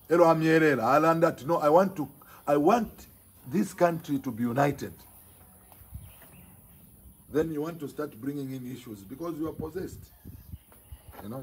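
A Zambian man speaks as a provincial party chairman, lecturing his opponents with insistent repetition. His voice is strongly husky and raspy and sits a little high for a man. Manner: emphatic, scolding, repeats phrases for force. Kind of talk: impassioned political speech to the press.

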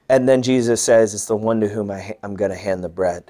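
A man teaching a bible class, earnest and lively, voicing the people he quotes and dropping to a hush for tender moments. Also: medium pitch, normal speed. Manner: earnest, animated when quoting, softening to hushed. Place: large room or hall.

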